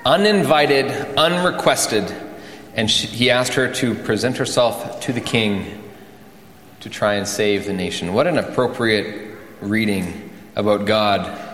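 A man's voice: fairly low pitch, a little hiss or hum. Male pastor, storytelling sermon, dramatic swings, long reverb. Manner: animated storytelling, voice rising for drama, sinking for solemn points. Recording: echoey church hall.

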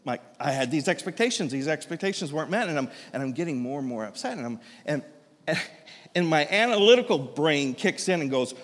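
Casting: man in his fifties, pastor, lively storytelling sermon, slightly high voice, long hall echo. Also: brisk. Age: 50s. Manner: animated, self-deprecating storyteller with many restarts.

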